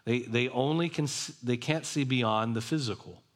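A man's voice: mid-range voice, moderate pace. A man preaching a sermon, reading a passage aloud and explaining it in a conversational way. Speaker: pastor.

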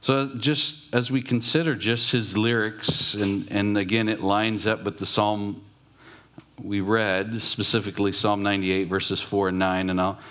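A man preaching a sermon, reflective, asking questions aloud and slowing down to stress key words. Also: lowish voice, steady tone, a bit bright. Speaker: pastor.

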